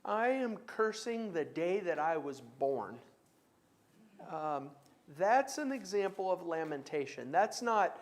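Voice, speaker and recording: A man's voice: high voice, very animated, takes it slowly. A man leading a church Bible class in a conversational way, taking comments and reading scripture aloud with emphasis. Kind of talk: church class teaching with discussion.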